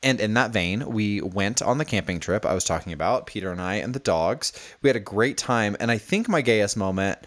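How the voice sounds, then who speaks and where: A man's voice: on the low side, lively intonation, fairly quick, hardly any pauses, a bit bright. A man co-hosting a podcast, chatting casually and telling stories with a playful, giggly manner. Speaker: podcast co-host. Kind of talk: casual chat.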